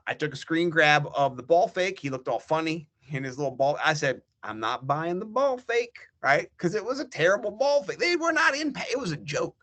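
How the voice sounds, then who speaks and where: Animated, swearing man ranting on a podcast. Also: a little high, normal speed, few pauses. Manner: animated, profane ranting with mock quotes. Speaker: podcast guest, fantasy football analyst. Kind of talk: casual podcast chat.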